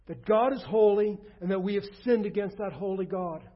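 Male pastor, earnest sermon delivery, high husky voice, muffled lo-fi recording. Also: brisk. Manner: earnest, often dropping to a soft low voice.

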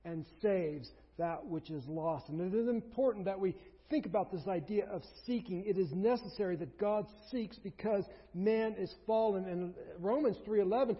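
A man with a high, husky voice preaches a sermon, stressing his points by repeating phrase after phrase. His voice rings with the long reverb of a church sanctuary. The recording itself sounds somewhat dull. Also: moderate pace, few pauses. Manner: emphatic, builds through repeated phrases. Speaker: pastor.

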